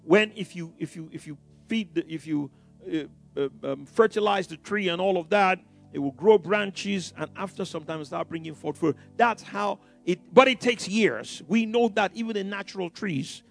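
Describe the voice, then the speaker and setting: Male preacher, exuberant and halting, with a high, gravelly voice. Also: faint music behind. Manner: exuberant, rallying the congregation, bursts of emphasis; halting, with many fillers and restarts. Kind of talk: sermon.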